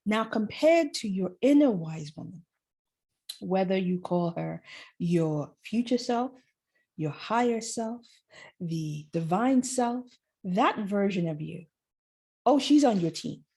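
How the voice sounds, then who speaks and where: A woman's voice: medium pitch, lively intonation, takes it slowly, dark tone, breathy edge. A woman vlogger giving a motivational talk to camera, emphatic and conversational.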